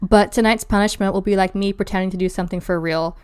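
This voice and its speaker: A woman's voice: medium pitch, steady tone, quick pace, clean tone, lightly acted. A woman reading out the text messages of a controlling man who gives cold, menacing orders. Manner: commanding, menacing.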